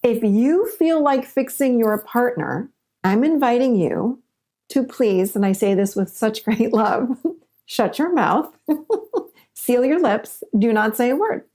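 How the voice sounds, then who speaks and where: A woman with a slightly high voice gives a teaching talk on relationships. She speaks earnestly and drives her points home through repetition. She also acts out short example conversations between partners. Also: lively intonation, a little slow, warm tone. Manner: earnest, repeats for emphasis, acts out example dialogues. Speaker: relationship coach. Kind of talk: teaching monologue.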